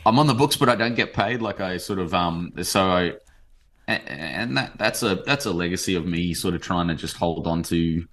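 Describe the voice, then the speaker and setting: An Australian man in his forties, talking in an animated, rambling way with many fillers as a guest in a casual interview. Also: sits low, moderate pace. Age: 40s. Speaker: novelist guest.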